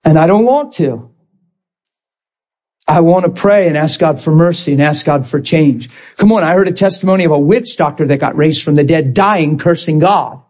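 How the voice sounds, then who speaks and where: A man's voice: on the high side, moderate pace, a little mellow. A man preaching a sermon, impassioned and rising to emphatic bursts.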